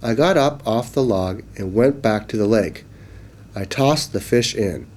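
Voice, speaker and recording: A man narrating a children's storybook in a clear, measured read-aloud manner. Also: on the low side, darkish tone.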